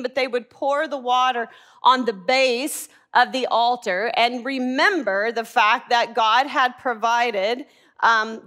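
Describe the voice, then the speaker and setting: A woman's voice: a little high, sharp tone. Woman teaching a Bible class. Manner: asks the class questions, answers them herself.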